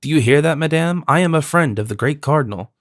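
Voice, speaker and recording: A man voicing a cowardly, greedy fifty-year-old mercer in an audiobook, puffed up with pride and quick to panic. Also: on the high side, animated, no echo, studio quality, lightly acted. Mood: pompous. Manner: pompous, then nervous. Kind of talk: audiobook character voice.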